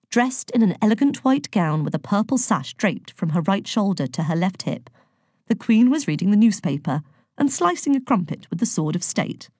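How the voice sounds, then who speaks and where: A woman reading a storybook aloud in a lowish voice with a very lively, swinging delivery. The sound is close and dry, with no room around it. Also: no echo. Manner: expressive reading that voices each character. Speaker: audiobook narrator.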